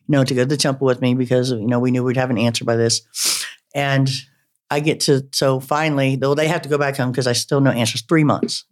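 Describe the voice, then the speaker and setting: Rambling, candid male storyteller. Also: medium pitch. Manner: rambling, halting, with many fillers; candid and self-mocking. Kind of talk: personal storytelling.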